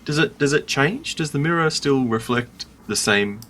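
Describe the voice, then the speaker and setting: A man playing a tabletop game, describing his character's actions and sometimes bellowing loudly in character. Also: medium pitch, expressive, normal speed, slight background noise. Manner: bursts into loud bellowing when in character. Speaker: player.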